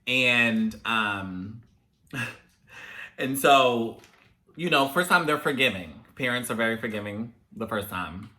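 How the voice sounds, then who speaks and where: Young guy chatting to camera, african american english, super bright voice, gets animated telling stories. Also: mid-range voice. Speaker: host. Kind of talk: casual chat, storytelling to viewers.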